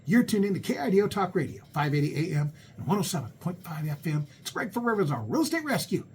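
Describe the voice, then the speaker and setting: Middle-aged American man, talk radio host, folksy and chatty, slightly high voice, faint background hiss. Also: very animated, fast talker. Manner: chatty, folksy, repeats words when restarting. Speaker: radio show host and real estate agent. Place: radio studio.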